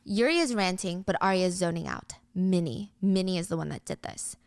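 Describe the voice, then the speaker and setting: A woman giving a casual, gossipy, animated recap of a drama's plot. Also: fairly low pitch, fairly quick, hardly any pauses, clear, resonant tone, dry recording.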